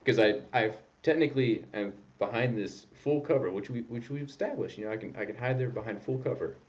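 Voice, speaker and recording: A man's voice: medium pitch, a little fast, darkish tone, highs cut off. A man hosting a podcast, chatting playfully and rambling about a tabletop game. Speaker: podcast host. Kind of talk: casual chat about tabletop gaming.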